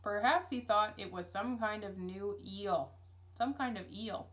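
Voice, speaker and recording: A woman teacher reading a children's book aloud, expressive and shifting her voice for each character. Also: medium pitch, a little slow, dull audio. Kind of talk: read-aloud storybook narration with character voices.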